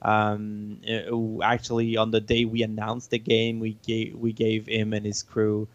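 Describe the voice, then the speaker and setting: A man's voice: lowish voice, monotone, dry recording, muffled recording. French-native man, dry close sound. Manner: halting, explanatory, chuckles often. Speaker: game developer. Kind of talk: casual interview.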